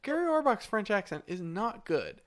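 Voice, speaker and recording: A man's voice: sits high, big pitch swings, moderate pace. A man co-hosting a podcast, giving a blunt, opinionated take on a movie in casual chat. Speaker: podcast co-host.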